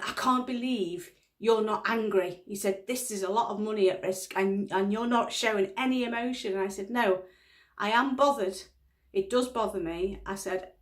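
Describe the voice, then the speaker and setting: A middle-aged woman, telling a story in a casual vlog, laughing often and acting out the lines of a conversation. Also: medium pitch. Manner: chatty storytelling, laughs often, acts out dialogue. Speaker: vlogger. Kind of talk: casual chat.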